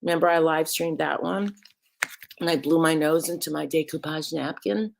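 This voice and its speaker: A woman's voice: low-pitched, steady tone, moderate pace, creaky, background noise. A woman live streamer chatting casually, rambling and greeting viewers by name.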